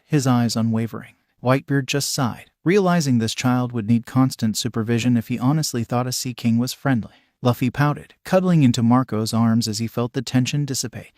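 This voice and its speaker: A man's voice: mid-range voice, a little mellow, no echo, studio quality. A man steadily narrating a fanfiction story.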